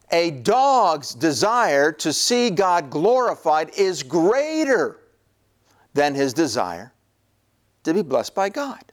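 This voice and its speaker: A male preacher teaching in an emphatic sermon style, repeating key lines and slipping in jokes. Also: a little high. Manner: emphatic, repetitive, jokey.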